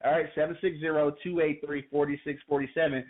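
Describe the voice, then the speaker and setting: A fairly high-voiced man holds forth on a call-in relationship podcast, circling back and repeating phrases as he works toward his point, with laughs scattered through. The sound is thin and phone-like. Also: level tone, fairly quick. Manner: chatty, repeats himself, laughs often. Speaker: podcast co-host. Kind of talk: casual radio talk. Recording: phone-like call-in radio audio.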